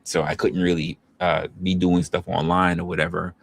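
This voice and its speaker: Deep-voiced man rambling to his stream chat. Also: level tone, moderate pace, gravelly, slight background noise. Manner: rambling, loose, self-correcting; talks straight to his chat. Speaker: livestream host. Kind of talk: casual livestream chat.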